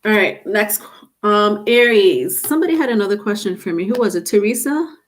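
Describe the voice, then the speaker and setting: A woman's voice: medium pitch, expressive, brisk. Chatty woman reading tarot live. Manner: chatty, answers viewers by name. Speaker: tarot reader.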